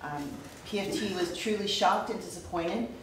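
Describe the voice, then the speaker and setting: A woman teachers' union president giving a formal, measured public comment to a school board. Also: lowish voice. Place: board meeting room. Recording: very echoey room, distant mic, noisy.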